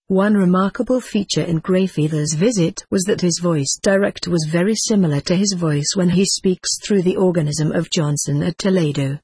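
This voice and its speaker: Husky, low-voiced woman reading aloud. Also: darkish tone, no echo. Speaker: narrator. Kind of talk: audiobook reading of a diary.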